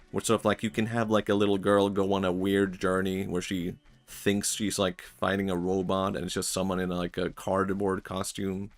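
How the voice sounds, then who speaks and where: A young man streaming, rambling reflectively in casual chat and chuckling often. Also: fairly low pitch.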